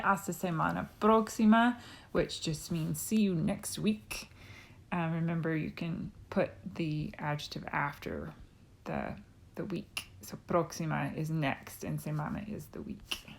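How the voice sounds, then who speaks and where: A woman, a Spanish teacher, patiently explaining a lesson with frequent ums. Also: on the low side. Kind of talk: recorded classroom lesson.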